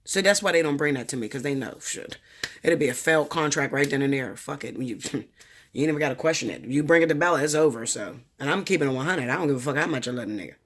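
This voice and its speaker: A woman's voice: a bass voice, fast talker. Blunt, profane woman tarot reader. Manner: blunt, profane, animated storytelling. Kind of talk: casual tarot reading monologue.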